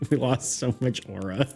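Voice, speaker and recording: A man's voice: mid-range voice, measured pace, vocal fry, darkish tone, soft background music. Giggly, rambling male game master. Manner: giggly, rambling, lots of fillers. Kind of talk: narrating a tabletop game livestream.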